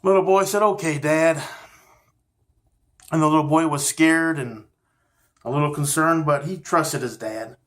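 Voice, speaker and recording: Folksy male storyteller, fairly high voice. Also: moderate pace, a bit bright. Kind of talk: storytelling narration.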